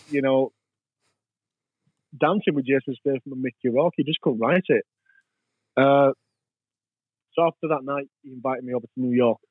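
Telling rambling anecdotes as a guest in a casual interview, an Englishman acts out the voices of the people in his stories. His voice is mid-range with no room sound, and the recording comes across dry and tinny, like a phone.

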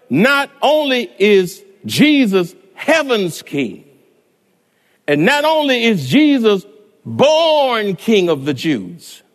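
A middle-aged male pastor preaching a sermon in a rhythmic cadence that builds into shouted climaxes. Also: sits high, long reverb tail.

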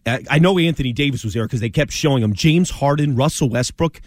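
Male sports talk co-host, emphatic and stammering, mid-pitched, dry close studio sound. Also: fast talker, no room sound. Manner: emphatic, stammering restarts, opinionated. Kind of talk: sports talk radio banter.

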